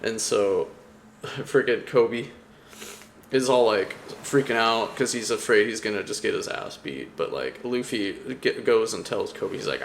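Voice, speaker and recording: Unhurried and gravelly, the low voice of a young anime vlogger carries a casual, filler-heavy ramble about a comic, punctuated by frequent laughs. Slight background noise is present.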